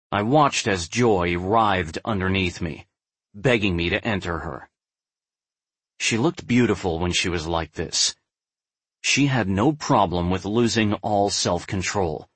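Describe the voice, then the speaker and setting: A young adult man narrating a first-person novel in a measured, brooding way. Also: deep voice, fairly bright tone, breathy edge, no room sound. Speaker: audiobook narrator.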